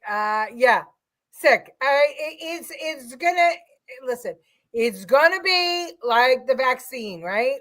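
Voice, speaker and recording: A woman's voice: a little high, a bit bright. A middle-aged woman co-hosting a casual political chat, talking in an opinionated, rambling way with many fillers. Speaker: co-host of a political livestream.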